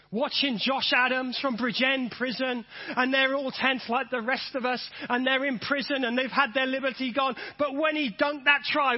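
Emphatic preacher, high husky voice. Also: male voice, highs cut off. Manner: emphatic, repeats phrases and has the audience say them back. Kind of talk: sermon.

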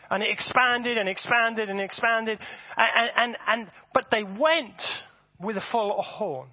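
A man preaching a sermon to his congregation, animated and often repeating words as he builds his points. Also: sits high, normal speed, no room sound. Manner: animated, repeats words, acts out voices for effect. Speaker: pastor. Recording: dull, dry sound.

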